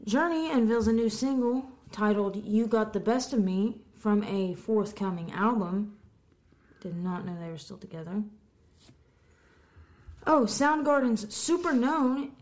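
A woman co-hosting a podcast, reading music news headlines in a casual chat with quick asides and the odd stumble over words. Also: medium pitch, a little mellow. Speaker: podcast co-host.

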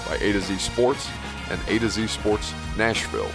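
A man's voice: fairly low pitch, normal speed, creaky, over music. Earnest male podcast host signing off. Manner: earnest, thankful, slightly emotional. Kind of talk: solo podcast sign-off.

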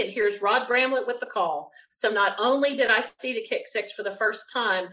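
A woman with a Southern US accent, a guest telling an animated story, laughing often and acting out what people said. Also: mid-range voice, normal speed, hardly any pauses. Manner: lively, frequent laughs, acts out quotes.

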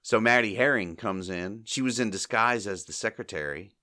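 A man's voice: on the low side, normal speed, bright, forceful tone. A man hosting a podcast, casually recapping a comedy short and acting out the characters' lines in silly voices, laughing often. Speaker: podcast host.

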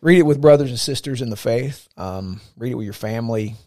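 A man's voice: mid-range voice, a little fast, dark tone, no room sound, studio quality. A man co-hosting a faith podcast, talking casually and earnestly, often restarting as he thinks. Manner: earnest, repeats words as he thinks. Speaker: podcast co-host. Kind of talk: casual chat about faith.

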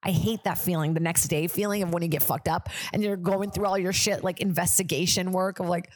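A woman's voice: lowish voice, fairly even intonation, a little fast, hardly any pauses, no room sound. A woman comedian hosting a casual podcast chat, rambling with lots of fillers, swearing and laughing often.

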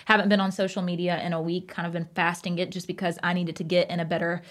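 A woman, co-hosting a casual podcast chat and talking in an emphatic, passionate, animated way. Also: lowish voice, fast. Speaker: podcast co-host.

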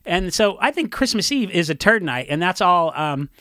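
In a dry, studio-quality recording, a high-voiced punk musician chats about a song at a moderate pace, sounding animated, pushed and bright. He meanders through anecdotes with plenty of fillers and restarts.

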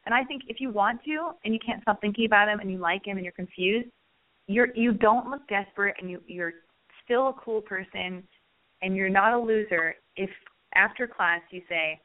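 A woman hosting a radio advice segment, talking in a blunt, animated way and swearing as she gives a caller a pep talk. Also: mid-range voice, normal speed. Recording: phone-like narrow band.

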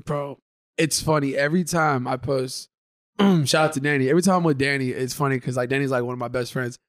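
A man's voice: mid-range voice, brisk. A young man co-hosting a podcast, casual and laughing, swearing freely and calling everyone bro. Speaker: podcast co-host. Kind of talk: casual chat.

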